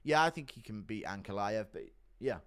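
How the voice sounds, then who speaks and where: A man's voice: lowish voice, expressive, a little fast, clean tone. A man hosting a livestream, reading donations in a blunt, crude, offhand way. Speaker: livestream host. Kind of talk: casual chat reading donations.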